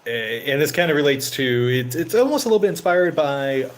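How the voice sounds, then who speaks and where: A man's voice: fairly high pitch, lively intonation, fairly quick, rough recording. Rambling man chatting casually to viewers. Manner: rambling, full of "you know" fillers. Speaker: channel host. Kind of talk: casual livestream chat.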